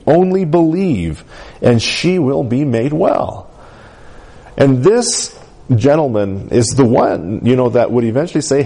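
Preaching to a congregation, a man often asks "Amen?" and raises his voice for emphasis. His delivery is animated, with his pitch climbing whenever he stresses a point.

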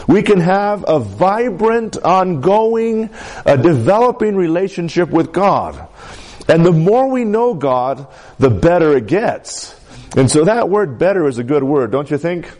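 Lively-voiced preaching man. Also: a little high, a little slow. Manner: emphatic preaching with congregation call-outs. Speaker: pastor. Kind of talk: sermon.

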